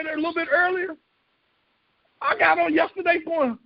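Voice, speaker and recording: Pastor, male, very high voice, emphatic conversational sermon, dry slightly muffled sound. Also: flat delivery, moderate pace, creaky, long pauses, no room sound. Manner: emphatic, conversational preaching with repeated phrases.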